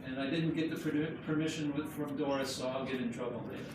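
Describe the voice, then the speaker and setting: A co-author presents his book to friends and family through an informal slideshow, telling its story in a chatty, joking way. He talks fast in a steady, medium-pitched voice, captured by a distant mic in an echoey room with background noise.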